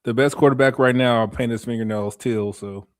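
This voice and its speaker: Man panelist, blunt, crude quips, middle pitch. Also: fairly even intonation, moderate pace, smooth, dry recording. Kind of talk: casual podcast chat.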